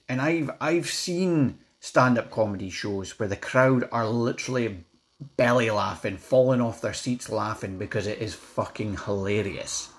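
A young Scottish man, a vlogger reviewing a comedy special in an angry, heavily sweary rant. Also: mid-range voice. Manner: angry, sweary, animated ranting. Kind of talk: ranting review.

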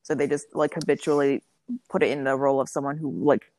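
A woman's voice: low voice, level tone, fast talker, darkish tone, dry recording. A woman co-hosting a podcast in casual chat, thinking aloud with many fillers.

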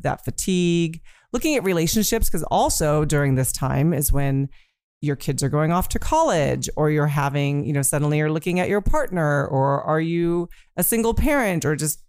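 A woman gynecologist on a talk show, calmly explaining medical matters in a steady, explanatory way. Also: deep voice, moderate pace, clear, resonant tone, no echo, studio quality. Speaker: gynecologist guest.

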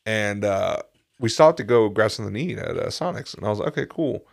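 A young man co-hosting a casual podcast, telling stories with lots of swearing and loud acted-out quotes. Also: on the low side, brisk, gravelly, no room sound, studio quality. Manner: profane, animated storytelling with loud acted-out quotes. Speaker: podcast co-host. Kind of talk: casual chat.

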